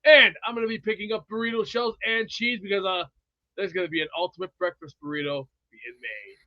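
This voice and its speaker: Very high-voiced, blustering trash-talking man. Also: brisk, no echo, muffled recording. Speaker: show regular. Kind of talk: brash trash-talking banter.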